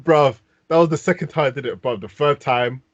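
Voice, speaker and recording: London guy yarning away on a podcast, slangy and lively, dull dry sound. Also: medium pitch, brisk, dry recording. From London, England. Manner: animated storyteller, London slang. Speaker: podcast host. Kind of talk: casual storytelling.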